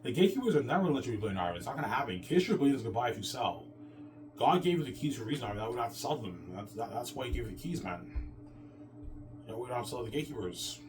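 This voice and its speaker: A man's voice: mid-range voice, lively intonation, very fast, noisy background. Agitated, profane man ranting far from mic. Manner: agitated, profane and repetitive, ends phrases with "man". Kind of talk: rambling monologue.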